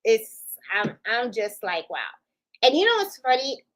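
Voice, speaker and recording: A woman's voice: fairly high pitch, unhurried, rough recording. A middle-aged woman hosting a sewing channel, chatting casually and acting out voices as she tells a story with laughs. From Puerto Rico. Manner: animated, laughing, acts out voices in quotes.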